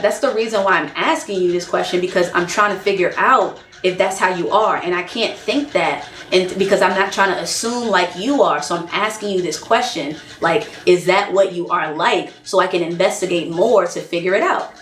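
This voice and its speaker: A young woman telling a story to camera in a casual vlog, animated and talkative, acting out both sides of a phone call. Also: fairly low pitch, moderate pace, few pauses. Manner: animated, quotes both sides of a phone call, frequent "you know what I mean". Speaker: vlogger. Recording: echoey room.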